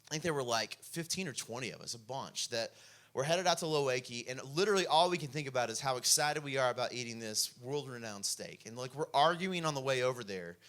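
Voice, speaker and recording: A young pastor with a mid-range, fairly bright voice preaches a sermon. He tells a story casually, peppering it with "like," before building into impassioned preaching.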